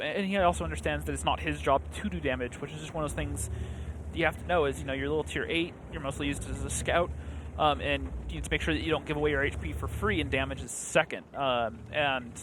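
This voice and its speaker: A man casting a live esports match, breaking down plays quickly and analytically and getting loud and high at the big moments. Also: noisy background. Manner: fast analytical play-by-play, loud and high at climaxes. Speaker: esports caster. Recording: music clearly behind the voice.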